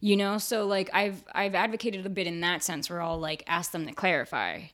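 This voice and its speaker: A young adult woman with a somewhat low voice chats as a podcast guest, telling stories with lots of animation. Her talk is loose and filled with casual fillers. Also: brisk. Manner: animated storytelling, many fillers like "like" and "you know". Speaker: actor and writer, podcast guest. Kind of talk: casual interview chat.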